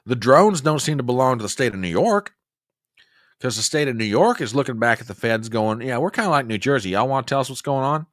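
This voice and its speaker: A man's voice: medium pitch, fairly bright tone, dry recording, studio quality. A man hosting a casual news commentary livestream, folksy and chatty as he talks straight to his viewers. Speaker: host.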